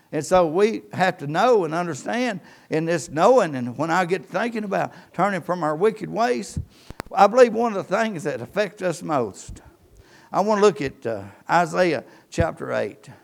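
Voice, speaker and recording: Gravelly high-voiced pastor preaching. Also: male voice, animated, moderate pace. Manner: preaching with rising and falling emphasis, quoting scripture. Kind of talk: Southern church sermon. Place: church.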